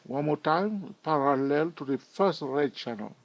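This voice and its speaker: A man's voice: a little high, expressive, a little slow, no room sound, lo-fi sound. A man giving a screen-recorded chart tutorial in a chatty way, thinking aloud and asking his viewers questions. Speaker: trading educator.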